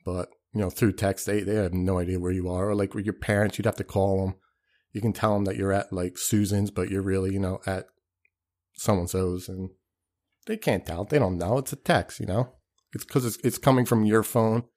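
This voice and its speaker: A man's voice: low-pitched, fairly even intonation, normal speed, a little mellow. A man hosting a podcast, rambling in a casual, profane, self-deprecating monologue and acting out the people he quotes. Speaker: podcast host.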